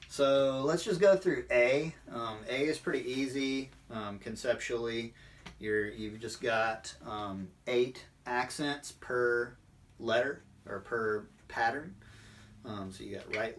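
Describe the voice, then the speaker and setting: A man's voice: medium pitch, a bit bright, distant mic, slight background noise. A man, a percussion instructor, explaining drum technique in an online lesson with many fillers.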